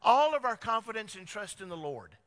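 A male pastor preaching a sermon, animated, with many rhetorical questions to the congregation. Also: sits high, brisk. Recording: long hall reverb.

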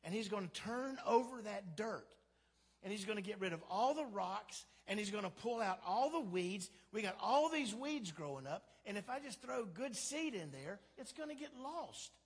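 In a church sanctuary with long hall reverb, a pastor delivers his sermon in a husky, high-pitched voice at a moderate pace with lively intonation. He keeps it conversational and funny, performing the quotes he cites.

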